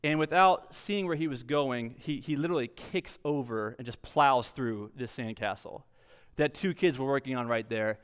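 A man's voice: medium pitch, moderate pace, smooth. A young adult man, a pastor, preaching a sermon in a conversational, storytelling way with light self-deprecating humor.

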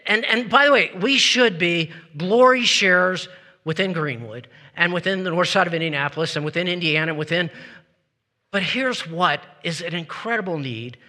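A man preaching a sermon as pastor, talking in a lively, conversational way and leading his congregation in call-and-response. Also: high-pitched, moderate pace. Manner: lively, conversational, laughs between points. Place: church sanctuary with congregation. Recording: long hall reverb.

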